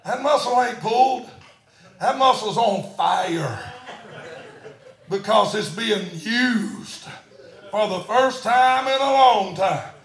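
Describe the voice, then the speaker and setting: A man preaching a fiery sermon in church, shouting and chanting his lines, out of breath at times. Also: sits high, expressive, slow, long pauses, reverberant. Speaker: pastor.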